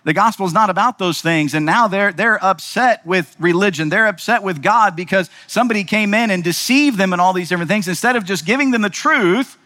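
Male pastor, slightly high voice, informal sermon delivery, heavy rhetorical questions, long reverb tail. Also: brisk, few pauses, bright, forceful tone. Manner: conversational, asks rhetorical questions with frequent "right?".

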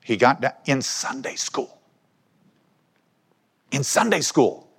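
A man with a medium-pitched, husky voice, slow and full of vocal fry, with a fairly bright tone and big swings in pitch. He preaches a conversational sermon in a church hall, putting questions to the congregation as he goes. The recording carries a long hall reverb.

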